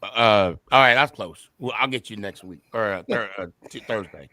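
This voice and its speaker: A man hosting a casual sports podcast, hoarse and short of voice, calling on each guest in turn. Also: lowish voice, normal speed, pushed and bright, a little hiss or hum. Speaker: podcast host.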